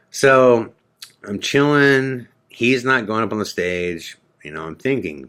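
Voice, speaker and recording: A man's voice: low-pitched, expressive, unhurried, fairly bright tone. A man hosting a podcast, telling a story in a loose, rambling way with lots of "you know.". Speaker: podcast host. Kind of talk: casual storytelling.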